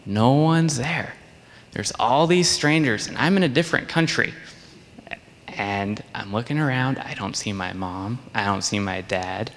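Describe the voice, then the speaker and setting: Storytelling man for a children's sermon, lively, does little voices, in a hall with a long echo. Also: mid-range voice, a little slow, a little hiss or hum. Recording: long reverb of a large hall.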